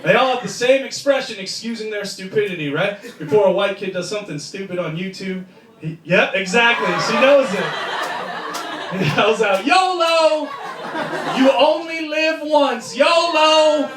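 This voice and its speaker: A man's voice: high voice, normal speed, far from the mic. A man doing a brash, crude stand-up comedy set in a comedy club before a live crowd. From United States. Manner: brash, crude, mocking punchlines with voiced asides. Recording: roomy club sound, loud crowd laughter.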